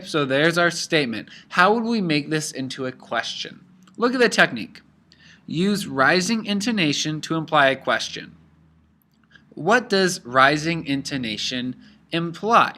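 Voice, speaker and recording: A man's voice: fairly high pitch, sharp tone. A man teaching a lesson, explaining patiently in English mixed with phrases. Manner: upbeat, explains patiently, mixes Spanish into English. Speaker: Spanish teacher. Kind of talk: language lesson.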